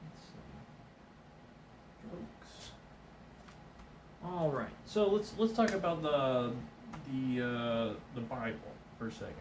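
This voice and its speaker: A man's voice: medium pitch, unhurried, hardly any pauses, recorded from a distance, slight background noise. Rambling man telling a story in an echoey room. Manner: meandering, many fillers and restarts, acts out quoted voices. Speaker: stand-up comedian.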